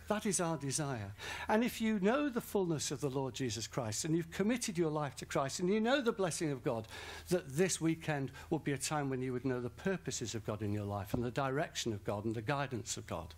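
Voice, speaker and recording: Man, northern english accent, festival preacher, higher voice, very lively pitch. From northern England. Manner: animated, comic storytelling. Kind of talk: sermon with storytelling. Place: large festival tent or hall.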